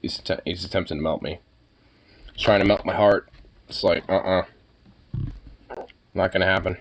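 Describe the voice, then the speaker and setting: A man's voice: low-pitched, fairly even intonation, moderate pace, slight background noise. A young man chatting casually as he reacts to pet pictures, swearing, exclaiming and laughing often.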